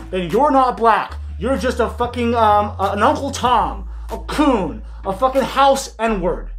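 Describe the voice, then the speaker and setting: A man ranting sarcastically over a video clip, heated, mocking and full of swearing. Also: very high voice. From Michigan, US. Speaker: commentary YouTuber.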